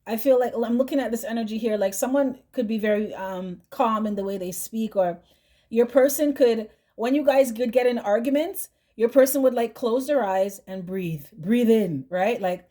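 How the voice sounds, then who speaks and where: A woman's voice: a little high, normal speed, warm tone. A woman doing a tarot reading, chatty and direct, who keeps asking "right?" and adds "mm-hmm" between thoughts. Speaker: tarot reader.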